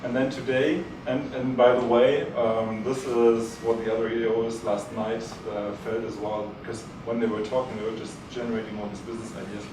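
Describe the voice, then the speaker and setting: A man hosting a live event, speaking to the audience in a halting way with many fillers. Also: mid-range voice, little pitch movement. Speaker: event host. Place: event hall. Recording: very echoey hall, mic far off, noisy.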